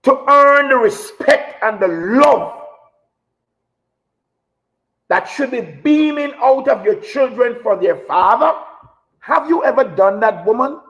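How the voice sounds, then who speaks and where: High-pitched man preaching with passion. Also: lively intonation, slow pace, pauses often, a bit bright, muffled recording. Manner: preachy, emphatic, repeats phrases for effect. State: emotional. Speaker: talk show host. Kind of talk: impassioned live show monologue.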